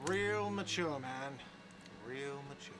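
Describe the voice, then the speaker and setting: A curt, exasperated manager. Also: male voice, a little high, slow pace, crowd noise. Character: exasperated male manager owed money.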